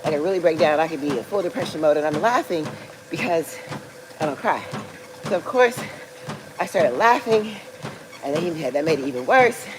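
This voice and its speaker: A woman's voice: sits low, animated, a little fast, pauses often, background noise. A woman in her forties telling a personal story in a casual livestream, rambling with lots of fillers and laughing as she talks. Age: 40s. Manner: rambling, filler-heavy, laughs through talk. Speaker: vlogger.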